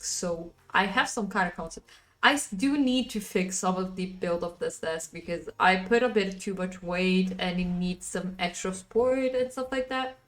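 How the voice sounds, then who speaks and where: Chatty woman streamer rambling casually. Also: mid-range voice. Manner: rambling, chatty, answers chat. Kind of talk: casual live-stream chat.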